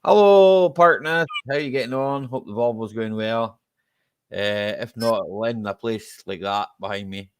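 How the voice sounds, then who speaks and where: A man's voice: medium pitch, normal speed, clear, resonant tone, no room sound. A man hosting a casual live-stream chat, teasing his guests in jokey banter.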